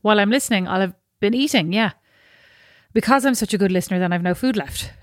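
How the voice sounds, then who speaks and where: A woman's voice: medium pitch, fast talker, dry recording, clean studio sound. A woman co-hosting a podcast, chatting in a playful, teasing, argumentative way. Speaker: podcast co-host. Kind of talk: casual podcast chat.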